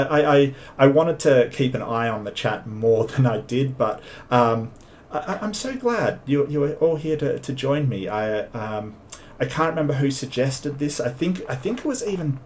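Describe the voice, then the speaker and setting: A man talks casually on a livestream, his voice at an ordinary middle pitch. He rambles, stammers over his words and sounds exasperated. A faint hiss of noise sits under the voice. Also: a little mellow. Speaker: livestream host.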